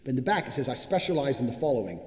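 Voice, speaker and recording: A man's voice: medium pitch, sing-song, racing. A man delivering a boastful, profane monologue straight to viewers, in a casual self-promoting style. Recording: roomy with long reverb.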